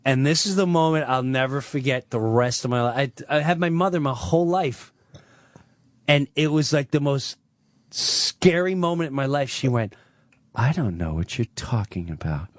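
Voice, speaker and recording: A man's voice: a little high, moderate pace, no echo, studio quality. A man telling a long personal story on a talk radio show, acting out what other people said. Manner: animated, acts out quoted voices.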